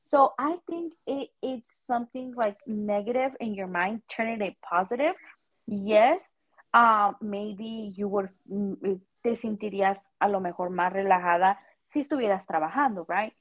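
A woman's voice: mid-range voice, normal speed, lo-fi sound. A woman and mother chatting casually, mixing English and Spanish in an encouraging, reflective way. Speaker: podcast co-host, stay-at-home mom. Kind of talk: casual chat.

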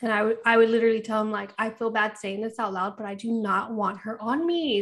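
Woman co-host, fairly high voice, lively storyteller who acts out quotes. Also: fast talker. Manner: animated storytelling, acts out quotes, laughs often. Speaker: podcast co-host. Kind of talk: casual chat.

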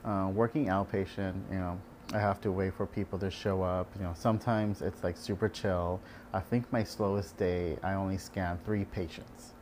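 A man's voice: low-pitched, steady tone, normal speed, darkish tone, a little hiss or hum. A man working as an ultrasound technologist, ranting casually and candidly about patients, swearing freely and mimicking them.

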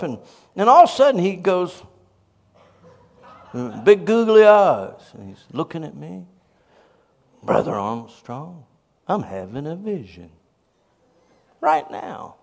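A man who pastors a church, telling a story in a sermon with animated, self-deprecating humor. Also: sits high, moderate pace, in a large hall.

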